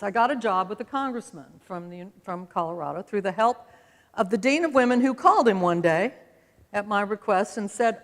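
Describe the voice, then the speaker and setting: Woman in her 70s, from Utah, folksy storyteller, average pitch, long hall reverb. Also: lively intonation, moderate pace. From American West, Utah. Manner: folksy, conversational, with self-deprecating humor. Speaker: speaker. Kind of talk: personal storytelling talk. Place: stage in a large auditorium.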